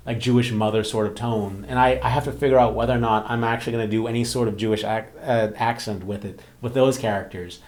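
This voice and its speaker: A man, a romance author and channel host, telling a story in casual chat with lots of fillers and acted-out quotes. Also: medium pitch. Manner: animated storytelling, frequent fillers, acts out quoted voices. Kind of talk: casual talking-head chat.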